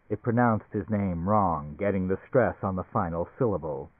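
A man reading a novel aloud as a steady, measured audiobook narrator. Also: deep voice, dry recording. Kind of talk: scripted narration. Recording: tinny phone-like recording.

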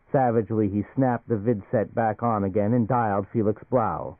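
A man reading a novel aloud in a steady, even narration. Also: fairly low pitch, moderate pace, few pauses, no echo. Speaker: audiobook narrator. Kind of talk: scripted narration. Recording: phone-like narrow band, dry.

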